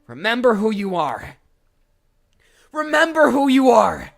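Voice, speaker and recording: A man's voice: high voice, sing-song, brisk, faint music behind, pitched above the performer's own voice, exaggerated voice. A man voicing a tiny, dramatic male goblin lore keeper with a put-on English accent. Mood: pleading shout. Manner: theatrical, swings from hushed to yelling.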